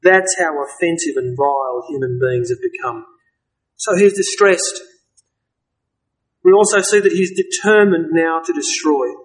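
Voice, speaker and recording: A man preaching a sermon, earnest and emphatic, slowing down to stress key words. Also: on the high side, low-quality recording.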